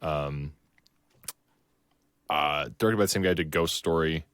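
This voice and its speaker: A man's voice: very deep voice, a little slow, a bit bright, smooth, dry recording. A man co-hosting a podcast, talking casually and rambling with lots of fillers and restarts. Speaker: podcast co-host. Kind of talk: casual chat.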